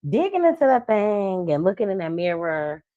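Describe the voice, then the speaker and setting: A woman who is a love coach and podcast host, chatting casually, telling lively stories and acting out the people she quotes, with slangy talk. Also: medium pitch, normal speed, no echo, lo-fi sound. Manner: animated storytelling, acts out quoted people; slangy, conversational.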